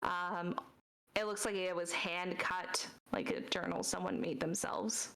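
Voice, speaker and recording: A woman's voice: lowish voice, steady tone, a little slow, fairly bright tone, poor audio. A woman narrating as game master in a loose, casual way with lots of fillers.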